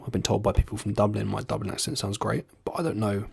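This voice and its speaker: A man's voice: fairly low pitch, fairly even intonation, fast talker, gravelly, husky. A man hosting his own video, talking casually in a sweary, self-deprecating way. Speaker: video host. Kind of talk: casual vlog talk.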